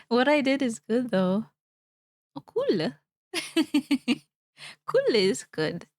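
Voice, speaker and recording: A woman's voice: sits high, wildly swooping pitch, extremely slow, long pauses, a little mellow, no echo, studio quality. A young woman streamer chatting casually while she draws, rambling playfully and thinking aloud.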